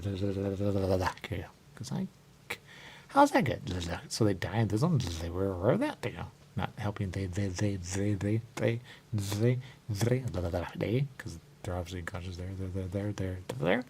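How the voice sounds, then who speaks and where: A man hosts a radio talk show in a low-pitched, animated voice with vocal fry and a darkish tone, moving at a moderate pace with slight background noise. His monologue rambles in loops, repeating phrases, slipping into sing-song murmurs, and returning repeatedly to "there you go."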